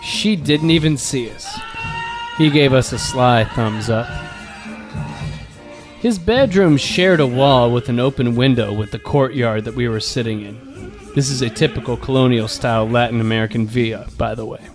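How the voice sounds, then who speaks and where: A man's voice: medium pitch, moderate pace. A man hosting a casual podcast, reading a listener's story aloud and laughing through the telling. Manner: laughs through his reading, loose and joking. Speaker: podcast host. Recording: loop music bed playing behind.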